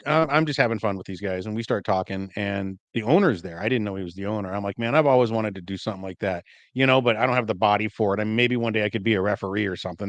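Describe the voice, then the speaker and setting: A man on a podcast telling a story in casual chat, relaxed and dry, with many fillers. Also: fairly low pitch, no echo. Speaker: podcast co-host.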